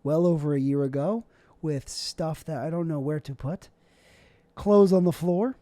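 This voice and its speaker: A man's voice: fairly high pitch, measured pace, dark tone, no echo. Rambling self-deprecating young man. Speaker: show host. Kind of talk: casual solo vlog monologue. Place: indoors at home, his bedroom.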